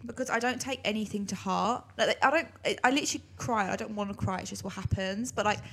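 A young woman co-hosting a podcast, chatty and quick to laugh in casual conversation with her best friend. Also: mid-range voice, fairly bright tone, husky. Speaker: podcast co-host. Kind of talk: casual chat.

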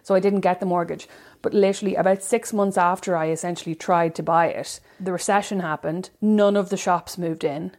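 Woman rambling in casual chat, kind of low voice, lots of likes. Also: fairly even intonation, brisk, hardly any pauses, a little mellow.

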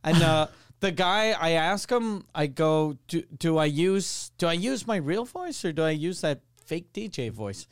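Podcast host guy, smooth clear voice, kinda high, dry studio sound, swears a lot. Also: lively intonation, a little slow, no room sound. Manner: storytelling, profane, laughing. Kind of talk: casual comedy podcast chat. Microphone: studio microphone.

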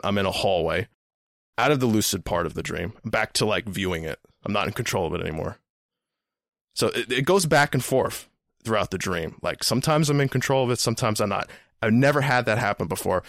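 A man's voice: lowish voice, a bit bright, no echo, clean studio sound. A man hosting a podcast, telling a story in a rambling, casual way, repeating words and swearing now and then. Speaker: podcast host.

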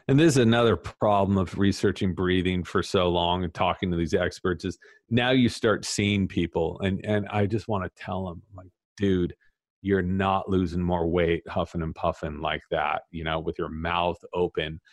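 A man being interviewed as an author, talking casually in an animated, emphatic, self-deprecating way. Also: on the low side, no room sound, studio quality. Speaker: author guest.

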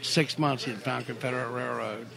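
A middle-aged man, a songwriter guest, telling career stories in a casual interview, animated, rambling and full of swearing. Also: medium pitch, a little fast, gravelly, a crowd in the background. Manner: animated, profane, rambling storyteller.

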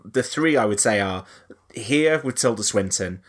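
A man hosting a casual film discussion, talking in an animated way. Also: lowish voice, moderate pace. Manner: animated, dramatic when reading a quote aloud. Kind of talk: casual chat.

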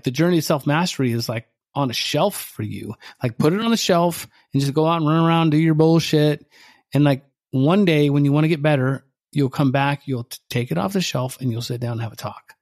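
A man's voice: fairly high pitch, a little mellow. A man co-hosting a podcast for contractors, talking casually and rambling with many fillers and restarts. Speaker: podcast co-host, contractor coach.

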